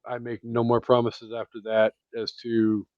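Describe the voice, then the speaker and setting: A man hosting a movie podcast in casual chat, excitable and swearing freely. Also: medium pitch, normal speed, no echo. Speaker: podcast host. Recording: dry, dull lo-fi sound.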